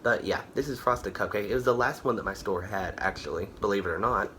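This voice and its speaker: Chatty low-voiced man reviewing candles. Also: a little fast, sharp tone, slight background noise. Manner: rambling, filler-heavy, self-correcting. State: a bit out of breath and tired. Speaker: candle haul vlogger. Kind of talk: casual product review chat.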